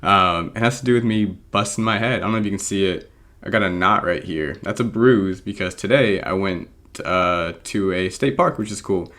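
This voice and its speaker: A draft league coach and video creator, English-born and American-raised, gives laid-back commentary as he plays a competitive game. He rambles with many ums and self-deprecating laughs, speaking at normal speed in a low voice with a fairly bright tone.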